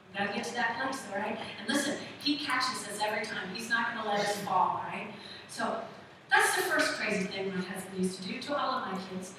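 A woman's voice: medium pitch, bright, forceful tone. Woman in her sixties preaching in an echoey hall. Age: 60s. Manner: conversational storytelling, questions to the congregation. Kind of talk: sermon. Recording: echoey hall from far off, audible room noise.

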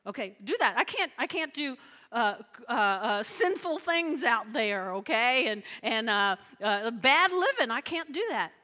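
A woman pastor preaches in a lively, conversational style, often pausing to check in with her listeners. Her voice is bright and fairly high. A long reverb trails behind her words, as in a large hall. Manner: animated, chatty preaching with frequent "okay?" check-ins. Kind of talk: sermon.

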